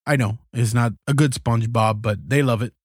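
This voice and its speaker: A man's voice: medium pitch, brisk, slightly rough, no echo, studio quality. A man hosting a comedy show, talking casually to listeners and explaining how he came up with his characters. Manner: chatty, explaining. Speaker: host.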